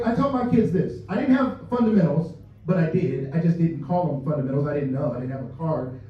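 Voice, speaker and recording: A man with a high voice tells stories and talks directly to the people listening, chuckling now and then at his own anecdotes. He sounds far from the microphone, in a very reverberant room with a dull, muffled tone. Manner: storytelling, addresses the audience directly, laughs at own stories. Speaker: company leader giving a culture talk. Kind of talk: motivational talk to a live audience. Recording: distant mic, dull and echoey room sound.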